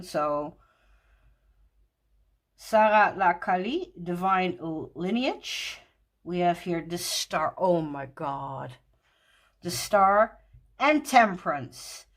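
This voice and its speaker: A woman walking through a tarot deck in casual talk, gushing and excited, laughing often. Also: medium pitch.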